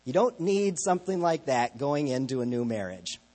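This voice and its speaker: A man's voice: medium pitch, very animated, normal speed, darkish tone, big-room sound. A man voicing a plainspoken Southern woman giving an interview, with an attempted Southern accent. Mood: matter-of-fact.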